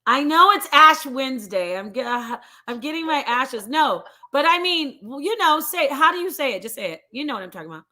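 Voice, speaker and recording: A woman's voice: high voice, animated, brisk, hardly any pauses, pushed and bright. A woman hosting a casual live stream, chatty and digressive, talking to her viewers like family. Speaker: livestream host.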